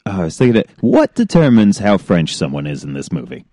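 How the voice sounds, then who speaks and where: A man's voice: low voice, wildly swooping pitch, quick pace, mellow, a little hiss or hum. A man co-hosting a casual podcast, wry and explanatory. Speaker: podcast co-host.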